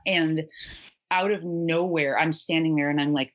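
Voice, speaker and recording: A woman's voice: low-pitched, fairly even intonation, moderate pace. A woman and punk musician telling a long, wry, profane anecdote in casual conversation. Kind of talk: conversational storytelling.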